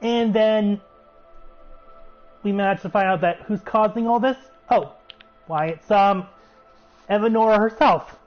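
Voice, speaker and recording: A man giving a chatty, excitable recap of a show episode. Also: high-pitched, measured pace, pauses often. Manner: chatty, excitable, laughs while retelling. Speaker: show reviewer. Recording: muffled recording with faint music.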